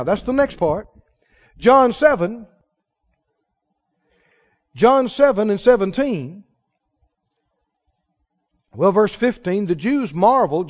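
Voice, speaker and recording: High-voiced preacher man in an echoing hall. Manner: animated storytelling with chuckles. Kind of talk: sermon. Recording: reverberant hall, muffled sound.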